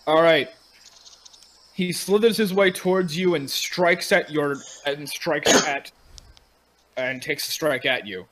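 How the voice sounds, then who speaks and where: A man's voice: on the high side, slow, pauses often, a bit bright, slight background noise, rough recording. Rambling man running a tabletop game. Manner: loose and rambling, with many fillers. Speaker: game master. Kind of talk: narrating a tabletop game over voice chat.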